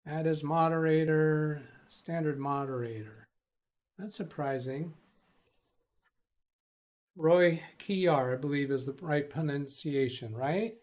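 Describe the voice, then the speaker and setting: This is a man hosting a casual live stream. His voice sits slightly higher than most men's, and he rambles along as he reads viewers' chat messages aloud and responds to them. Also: unhurried, darkish tone. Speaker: host of a live tech stream.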